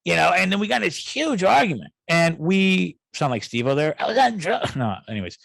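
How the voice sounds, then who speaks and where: A man's voice: fairly high pitch, expressive, a little fast, vocal fry, a bit bright, dry recording, poor audio. Rambling, profane man. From south suburbs of Chicago, USA. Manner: rambling, profane, full of "you know" asides. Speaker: podcast host. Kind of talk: casual storytelling rant.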